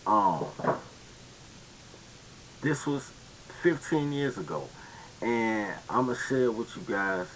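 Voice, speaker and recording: A man's voice: fairly low pitch, lively intonation, takes it slowly, pauses often, a bit bright, a little hiss or hum, low-quality recording. Rambling, slangy male commentary host. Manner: rambling, slangy, many restarts. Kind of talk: casual commentary monologue.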